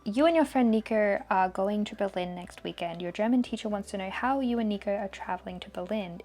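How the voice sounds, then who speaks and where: A young woman talks casually through a language test for her vlog, reading questions aloud and working out the answers as she goes. She slows down to sound out unfamiliar words carefully. Faint music runs underneath her voice. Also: mid-range voice, a little mellow. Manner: thinks aloud, sounds out German words slowly. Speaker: vlogger taking a language test.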